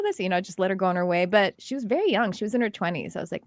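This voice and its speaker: A middle-aged woman hosting a casual chat, telling animated stories full of quoted dialogue. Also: medium pitch, racing, no room sound. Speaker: host, intuitive development teacher.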